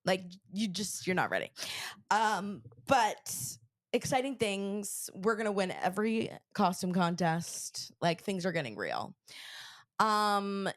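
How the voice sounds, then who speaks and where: A woman co-hosting a podcast, talking in a bubbly, rambling way with plenty of fillers. She is getting over an illness, and her pitch swings widely as she chats. The recording is close and dry. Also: expressive, takes it slowly, dry recording. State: sick, recovering. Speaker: podcast co-host. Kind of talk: casual chat. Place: Connecticut.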